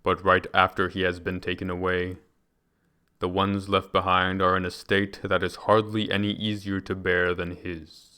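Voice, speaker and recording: A man reads from a book in a measured, deliberate manner. His voice sits on the low side and rings smooth and full. Now and then he stumbles and starts a phrase again. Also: monotone, sharp tone. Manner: measured, deliberate reading with occasional restarts. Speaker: reader. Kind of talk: reading a book aloud.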